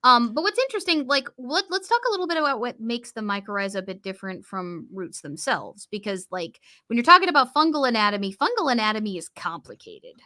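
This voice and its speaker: Bright-voiced woman co-host, measured. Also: a little high, sing-song. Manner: measured, gently correcting, explanatory. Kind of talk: casual livestream chat.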